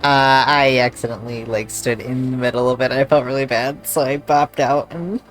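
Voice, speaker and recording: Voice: medium pitch, steady tone, normal speed. A game streamer chatting casually with a co-op partner, rambling with lots of fillers. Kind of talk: casual chat while gaming. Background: faint game music.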